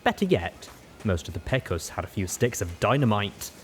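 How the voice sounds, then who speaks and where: A man reading a fan fiction story aloud with expressive narration. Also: lowish voice, normal speed, a little hiss or hum. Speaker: audiobook reader.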